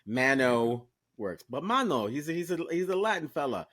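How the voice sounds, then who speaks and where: Animated storytelling man co-hosting a podcast. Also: medium pitch, moderate pace, hardly any pauses. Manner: animated storyteller who acts out quoted voices; chatty, swears freely, addresses listeners as y'all. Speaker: podcast co-host. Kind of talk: casual chat.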